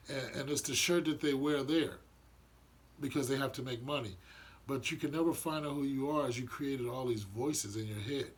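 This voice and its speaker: A man's voice: medium pitch, husky. A man giving an earnest, rambling monologue about spiritual matters, often restarting his sentences. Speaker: vlogger sharing spiritual views. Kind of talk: casual reflective monologue.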